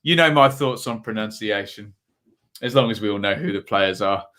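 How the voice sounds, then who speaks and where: A man's voice: fairly low pitch, normal speed, a bit bright. A man hosting a live football watchalong stream, chatting casually and reading out viewer comments between match updates.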